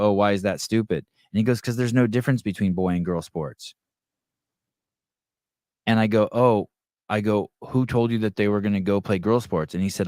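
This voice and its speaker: Male podcast host, lowish voice, blunt and swearing, dry close mic. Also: a little mellow, clean tone, dry recording. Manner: blunt, profane, restarts sentences, tells anecdotes. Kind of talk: casual live call-in chat.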